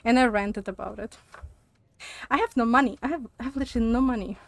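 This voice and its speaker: A woman's voice: fairly high pitch, fast, dry recording. A young woman streamer chatting casually while gaming, ranting and laughing with frequent swearing.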